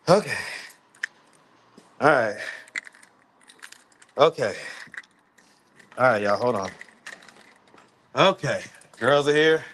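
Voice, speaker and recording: A man's voice: mid-range voice, a bit bright, a little hiss or hum. A man chatting casually with viewers on a phone livestream, indoors in his apartment. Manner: chatty, addresses viewers directly, easygoing.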